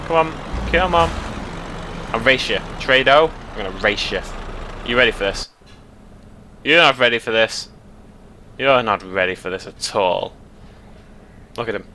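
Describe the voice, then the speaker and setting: A man's voice: lowish voice, bright, forceful tone, slight background noise. A young English man giving jokey, rambling commentary while playing a game and chatting to his viewers. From Britain. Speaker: let's play host. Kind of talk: casual gaming commentary.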